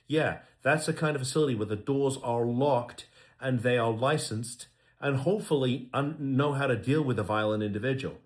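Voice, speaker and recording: A man's voice: medium pitch, moderate pace. A middle-aged man, a lawyer, talking casually to camera in an earnest way, with lots of ums and repeated words. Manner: earnest, repeats himself, many fillers.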